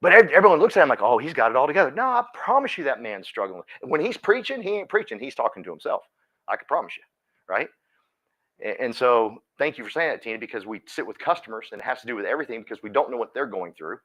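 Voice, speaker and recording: A man speaks to a live audience with an animated, sweeping voice that rises and drops. His delivery is emphatic, and he often turns to single listeners by name. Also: medium pitch. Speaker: speaker at a real estate team meeting. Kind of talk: motivational talk to a live audience.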